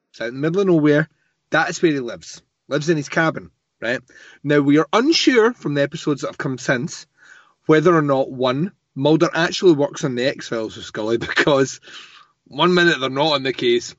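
A man's voice: on the high side, dry recording. Man on a dull lo-fi mic. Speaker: podcast co-host. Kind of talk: casual chat.

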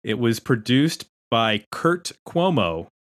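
A man co-hosting a music podcast, chatting casually and reading listener comments aloud in a lively way. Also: medium pitch, slow pace. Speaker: podcast co-host.

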